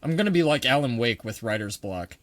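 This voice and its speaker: A man's voice: mid-range voice, expressive, a little fast, fairly bright tone, no room sound. A man giving casual, joking let's-play commentary, swearing freely and reading in-game text aloud. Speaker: gaming video creator.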